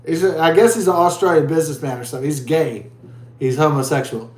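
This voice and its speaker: A man's voice: on the high side, fast, a little mellow, roomy sound. A man vlogging as he drinks a beer, telling a rambling story in crude, profane, rambling talk.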